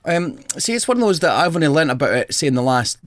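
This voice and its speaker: A man's voice: on the high side, big pitch swings, quick pace, dry recording. A man co-hosting a radio show, joking and rambling in casual chat. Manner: joking, rambling, does silly voices. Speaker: radio co-host.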